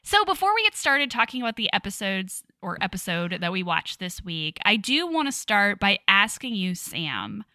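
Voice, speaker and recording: A woman co-hosts a podcast in casual chat, dry and sarcastic in her delivery. Her tone is bright and sharp. The recording is dry and close. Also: medium pitch, sing-song, moderate pace, hardly any pauses, no echo. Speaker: podcast co-host, teacher. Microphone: podcast microphone.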